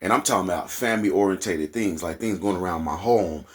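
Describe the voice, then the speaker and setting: Casting: Oklahoma man, low husky voice, heated profane vlog rant. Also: brisk. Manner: profane, heated, rising to high indignant peaks. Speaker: vlogger. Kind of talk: angry rant to camera.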